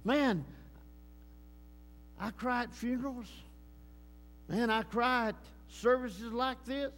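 A man preaching a sermon and telling a moving story, swinging between loud bursts and hushed lines. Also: extremely high pitch, slow. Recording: long echoing church hall reverb.

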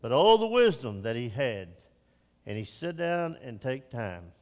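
Speaking in a sing-song way in a large hall, an older man preaches for Father's Day. His sermon swings from loud, high, emphatic peaks down to soft and slow reflective passages.

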